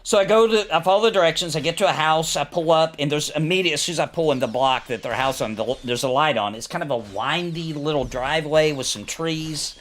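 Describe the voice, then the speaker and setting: A man in his thirties hosting a casual gaming chat, telling an anecdote in an animated way, often tossing in "you know what I mean.". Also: fairly high pitch, fairly quick, hardly any pauses. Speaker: host.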